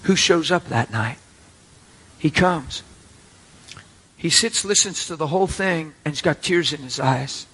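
Husky, bright-voiced male preacher telling a story. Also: fairly high pitch, measured pace, pauses often. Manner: animated, acts out quoted voices. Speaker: pastor. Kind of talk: storytelling sermon. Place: church before a live congregation.

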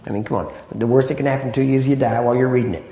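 A man's voice: mid-range voice, fairly even intonation, very fast, dark tone. A man preaching a sermon in an easy, conversational way, often asking "Amen?" and "right?" to draw agreement. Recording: echoey room.

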